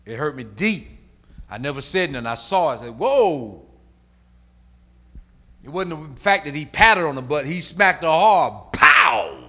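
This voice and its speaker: Animated, bright-voiced male preacher. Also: on the high side, brisk. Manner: swings from shouting to hushed, quoting voices. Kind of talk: sermon.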